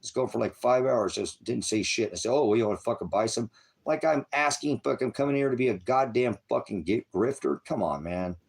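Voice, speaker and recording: Husky-voiced man ranting profanely. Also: mid-range voice, lively intonation, a little fast, few pauses. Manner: profane, aggressive rant, addresses chat viewers. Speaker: livestream preacher. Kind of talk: angry rambling livestream talk.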